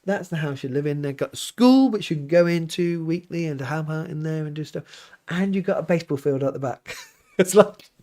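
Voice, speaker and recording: A man, a priest hosting a relaxed livestream, reading viewer comments aloud and chatting back with an easygoing, often laughing manner. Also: a little high, brisk. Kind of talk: casual livestream chat. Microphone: livestream mic.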